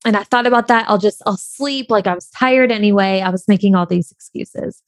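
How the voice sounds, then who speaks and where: A woman's voice: medium pitch, steady tone, brisk, no room sound. A woman telling a personal story in a casual, candid way, full of "like" and "you know.". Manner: chatty and candid, heavy on fillers like "like". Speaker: online creator.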